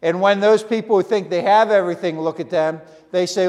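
A man preaching a sermon in earnest, short repeated phrases with pauses. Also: high voice, darkish tone, long reverb tail. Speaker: pastor.

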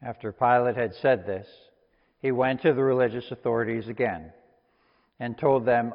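A man giving a steady, unhurried scripture reading. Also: mid-range voice. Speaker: scripture reader. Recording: long reverb, dull lo-fi sound.

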